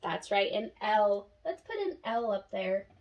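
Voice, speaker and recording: A young woman teaching a phonics lesson, sounding out letters slowly and praising an imagined class. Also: mid-range voice, sing-song. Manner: slow, sing-song classroom praise and sounding out.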